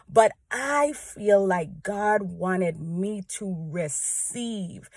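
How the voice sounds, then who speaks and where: A woman's voice: medium pitch, no echo, clean studio sound. A woman speaking earnestly and heartfelt in a conversational devotional talk to camera, often checking in with "right?". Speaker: church praise team member sharing encouragement.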